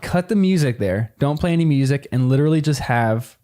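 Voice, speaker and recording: Man, co-host, casual chat, average pitch, animated and opinionated. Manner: animated, opinionated, rapid bursts. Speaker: podcast co-host.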